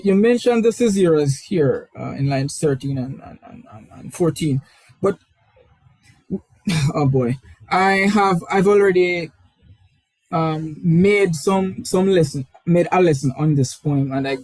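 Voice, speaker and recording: A man's voice: a little high, unhurried, a little mellow, no echo, rough recording. A male literature teacher with a Caribbean accent, explaining a poem's form reflectively during an online lesson. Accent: Caribbean English. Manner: explanatory, reflective, with frequent fillers.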